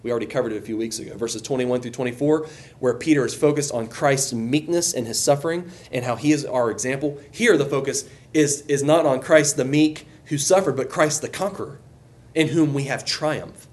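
A man leading a group Bible study, speaking loosely and conversationally, with a voice that rises as he gets excited. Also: medium pitch, fairly quick. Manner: enthusiastic, voice rises when excited; loose and conversational, with restarts and asides.

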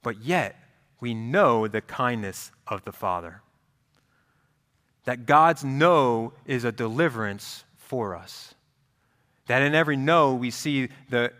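A man preaching a sermon as pastor, in a conversational, animated style. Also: medium pitch, takes it slowly. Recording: reverberant hall.

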